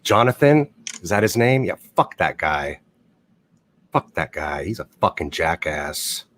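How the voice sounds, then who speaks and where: A man's voice: sits low, very animated, unhurried, a bit bright. A man hosting a casual livestream, swearing freely and rambling as he talks through gossip. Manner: profane, rambling, blunt. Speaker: livestream host.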